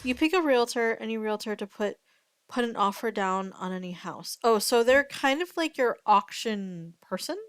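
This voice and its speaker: A woman's voice: a little high, animated, moderate pace, clear, resonant tone, dry recording, clean studio sound. A woman streamer chatting casually, thinking aloud and greeting her chat viewers. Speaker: streamer reacting to a story video.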